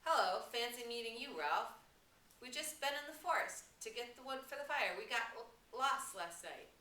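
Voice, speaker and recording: A woman's voice: fairly high pitch, lively intonation, normal speed, pushed and bright, pitched above the performer's own voice. A woman voicing an embarrassed, evasive twin boy who speaks in a stifled, awkward way. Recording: roomy room, distant mic, faint hiss.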